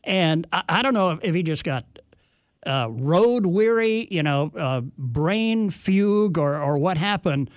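A man hosting a radio interview, talking in an unhurried, drawling way full of filler sounds. His voice sits a little high and his humour is wry. The recording is close and dry, with no room sound. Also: animated, clean tone, dry recording. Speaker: radio host.

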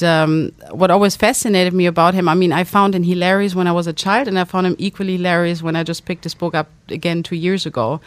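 A woman's voice: sits low, no room sound. A woman novelist from Germany, talking about her book in an interview, with many fillers and restarts. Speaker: novelist guest. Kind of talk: casual interview talk.

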